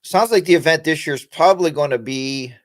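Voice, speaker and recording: A man's voice: a little high, a little fast. Rambling middle-aged man chatting casually. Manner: rambling, many fillers and restarts. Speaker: motorcycle channel host. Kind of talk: casual live-stream chat.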